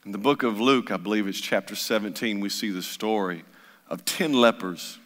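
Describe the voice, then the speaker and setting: A man's voice: fairly low pitch, moderate pace, a bit bright. A man preaching a sermon as pastor, impassioned and repetitive in his delivery. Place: church sanctuary. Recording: long church hall reverb.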